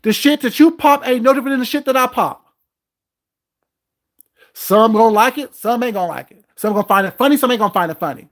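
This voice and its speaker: A man's voice: very high voice, fast. Male vlogger, angry confrontational rant, heavy swearing, recorded at home. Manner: heated, profane, confrontational. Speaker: vlogger host. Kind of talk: ranting vlog commentary.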